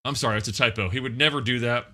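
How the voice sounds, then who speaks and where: A man in a mid-range voice reads spoof headlines at a fast clip. His tone is bright, and he stays deadpan while slipping in crude asides. It sounds like loose, live banter. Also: medium pitch. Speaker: co-host of a comedy news segment. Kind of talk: mock newscast banter.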